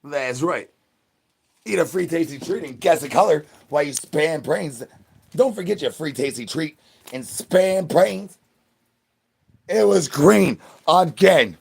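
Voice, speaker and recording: A man's voice: on the high side, animated, unhurried, gravelly, darkish tone, husky. A young man talking into his phone on a live stream, rambling in a playful, sing-song way full of nonsense catchphrases.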